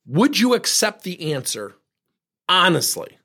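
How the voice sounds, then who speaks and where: Husky-voiced man telling an animated story. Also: high-pitched, unhurried. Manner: animated, acts out both sides of conversations. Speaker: leadership speaker. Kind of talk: storytelling talk on coaching.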